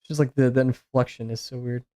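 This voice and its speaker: A man's voice: mid-range voice, steady tone, fast talker, warm tone, no room sound. A man musing aloud as he draws, his talk loose and full of fillers and restarts. His voice sits mid-range and sounds dry and close, with almost no room around it. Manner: rambling, filler-heavy musing. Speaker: art streamer. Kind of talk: casual chat while drawing.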